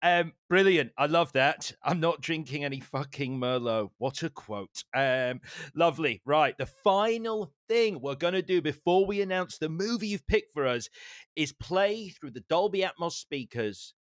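A man's voice: on the high side, expressive, unhurried. A man hosting a film interview, joking and enthusiastic, laughing often. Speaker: film podcast host. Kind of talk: casual interview chat.

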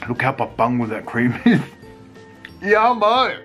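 Slow-talking man vlogging a family mukbang. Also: medium pitch, faint music behind. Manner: relaxed, chatty, laughs between bites. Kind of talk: casual mukbang chat. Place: at home.

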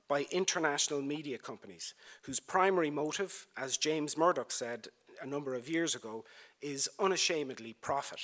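A man delivers a formal prepared speech at a lecture podium. His voice is bright and forward, set a little higher than most men's. He moves at a measured pace through rhetorical lists, repeating key phrases for emphasis. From Ireland. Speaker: broadcasting executive giving a lecture. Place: university lecture theatre.

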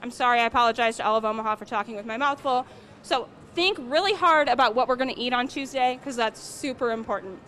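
A woman reporting live on a TV news feature from a stadium concourse, bubbly and excited. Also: fairly high pitch, quick pace, slight background noise.

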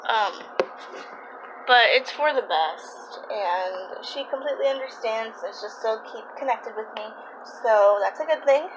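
A young woman chats to her viewers at home in a casual vlog, often pausing to hunt for the right word. She talks at a slow, easy pace in a somewhat high voice. A clear hum of household noise sits behind her. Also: expressive. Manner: chatty, trails off searching for words. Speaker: vlogger. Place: home, kitchen. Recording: noisy home ambience.

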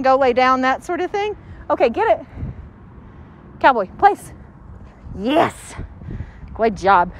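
A woman dog trainer commenting during an outdoor training session, giving quick commands and upbeat praise to a dog. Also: high voice, a bit bright. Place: outdoors near trees.

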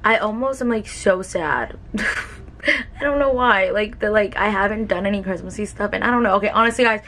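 A woman's voice: mid-range voice, brisk, fairly bright tone, a little hiss or hum. A young woman in a casual beauty vlog, talking emotionally to camera with lots of "like" fillers. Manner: chatty, emotional, many "like" fillers. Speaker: beauty vlogger.

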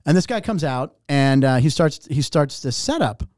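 A middle-aged man, a comedian and warm-up host, telling an animated, profane story and acting out other people's lines. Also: a little high, moderate pace, no room sound, studio quality. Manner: animated, profane, acts out other voices in anecdotes. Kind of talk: casual storytelling.

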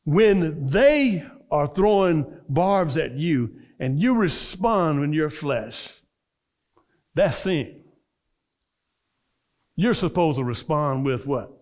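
A man's voice: a little high, expressive, slow pace, pauses often, darkish tone. A middle-aged man, a minister, preaching a storytelling sermon and acting out the voices of people in his stories.

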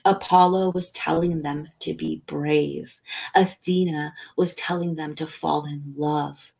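A woman reading a novel aloud as a calm bedtime story, lifting her voice for the characters' lines. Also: low-pitched, slow pace, creaky, breathy edge. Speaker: audiobook reader.

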